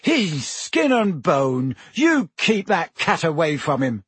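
Blunt, quick-tempered schoolboy read by a man, husky and dry. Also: a little high, sing-song, dry recording, full character voice. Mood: angry. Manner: indignant, blunt, quick to shout. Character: hot-tempered teenage schoolboy. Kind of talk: audiobook character voice.

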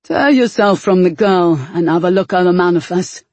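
A woman reading an audiobook, voicing a rough male warehouse worker who calls out brusquely. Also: on the low side, normal speed, darkish tone, no room sound, natural voice.

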